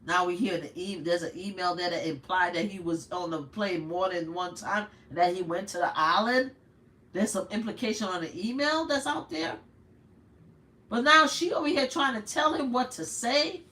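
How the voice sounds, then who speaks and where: An older woman from Brooklyn, speaking with a New York accent, hosts a casual livestream. She talks in a loud, exclamatory way, reads messages aloud and reacts with blunt cursing. Her voice sits at a middle pitch. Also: moderate pace. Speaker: livestream host.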